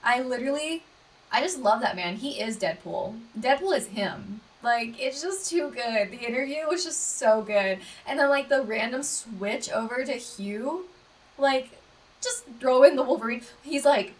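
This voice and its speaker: Bubbly girl chatting on her podcast, kinda high voice, mic a bit far away. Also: animated, moderate pace, fairly bright tone. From Texas. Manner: bubbly, gushing, filler-heavy. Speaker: podcast host. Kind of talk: casual solo podcast chat.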